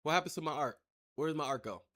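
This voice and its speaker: A man's voice: a little high, expressive, fast, bright, forceful tone. A man giving casual, rambling let's-play commentary, swearing freely and turning sarcastic as he reacts to the story. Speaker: gameplay commentator.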